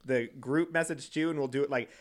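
A man co-hosting a podcast in a casual, chatty way, laughing often. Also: medium pitch. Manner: giggly, quick to laugh, chatty. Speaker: podcast co-host. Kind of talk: casual chat.

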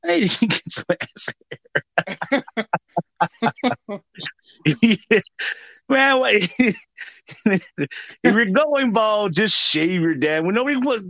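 A man in casual, profane podcast banter, joking and acting out shouted impressions. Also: sits high, animated, slow pace, creaky, long pauses, no echo. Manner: jokey, profane, acts out loud shouted impressions. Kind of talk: casual chat.

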